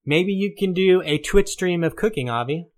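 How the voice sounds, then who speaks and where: A man's voice: high voice, lively intonation, normal speed. A man co-hosting a live-streamed podcast in casual chat, joking and trading wisecracks. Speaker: podcast co-host.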